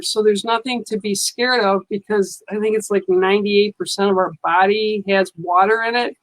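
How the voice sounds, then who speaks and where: A woman's voice: medium pitch, fairly even intonation, moderate pace, hardly any pauses, poor audio. A woman giving a psychic card reading on a live stream, speaking in a soothing, reassuring way and often checking in with "okay".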